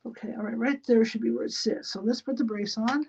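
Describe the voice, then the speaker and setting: A woman with a fairly high voice hosts a casual live stream from a spare room at home. She talks her way through each step of a craft project, often half-muttering to herself. The recording sounds dull and lo-fi. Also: fairly even intonation, fairly quick, creaky, a little mellow, slightly rough. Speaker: livestream host. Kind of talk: casual running commentary while crafting. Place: spare bedroom at home used as a studio. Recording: dull lo-fi sound with faint noise.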